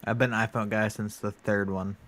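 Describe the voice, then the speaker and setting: A man co-hosting a podcast, dropping quick joking interjections into the chat. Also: on the low side, little pitch movement, fairly bright tone. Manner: joking interjections, laughs often. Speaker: podcast co-host.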